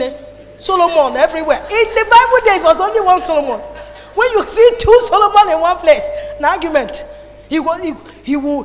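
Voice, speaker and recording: A woman with a Nigerian accent preaching a lively sermon, slipping into Pidgin and Igbo phrases. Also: extremely high pitch. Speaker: pastor. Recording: long reverb in a hall.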